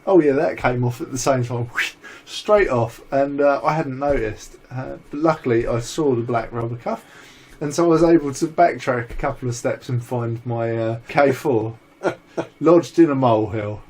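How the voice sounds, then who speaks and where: A man co-hosting a casual vlog chat, rambling and swearing freely as he tells animated stories. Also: medium pitch, normal speed. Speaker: vlog co-host.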